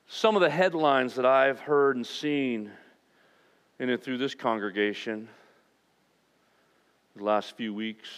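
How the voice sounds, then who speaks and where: A man delivers a sermon from the pulpit, his voice sitting at an ordinary middle pitch. He speaks with earnest emphasis that swells into impassioned preaching. The sound carries the long reverberation of a large church hall. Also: slow, long pauses, clean tone. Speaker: pastor. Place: church sanctuary.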